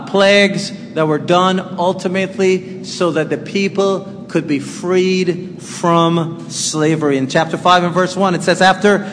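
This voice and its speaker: High-voiced, chatty male preacher. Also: a little hiss or hum. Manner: conversational, animated, joking with the congregation. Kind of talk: sermon. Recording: long hall reverb, faint ambience.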